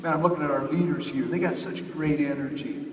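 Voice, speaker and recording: A man with a fairly high voice delivers an energetic motivational speech from a stage, rallying the audience with repeated lines. He sounds distant from the microphone, his words ringing through a large, echoing convention hall with a faint hum of room noise underneath. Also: a little fast. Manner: energetic, rallying the crowd with repetition. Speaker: motivational speaker at a company convention. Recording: echoey hall, picked up from far off.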